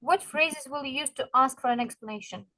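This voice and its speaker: With a high, bright, forceful voice, this native Russian speaker teaches English online in a Russian accent. She encourages the class and slowly repeats phrases to demonstrate how they should sound.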